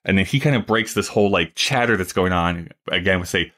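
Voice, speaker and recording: Low-voiced man chatting on a podcast. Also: quick pace, few pauses, fairly bright tone. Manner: chatty, many fillers, reads lyrics aloud. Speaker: podcast host. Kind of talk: casual discussion.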